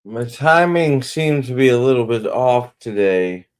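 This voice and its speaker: A man's voice: mid-range voice, expressive, unhurried, smooth. A man hosting a livestream, rambling and joking with hesitant fillers. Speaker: streamer host. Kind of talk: casual livestream chat.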